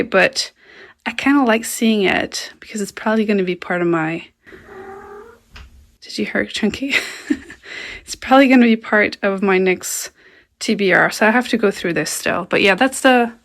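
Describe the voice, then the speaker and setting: Woman vlogger, casual home chat, light vocal fry, camera mic. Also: medium pitch. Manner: chatty, talks baby talk to her cat. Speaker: book vlogger. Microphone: camera mic, no external mic.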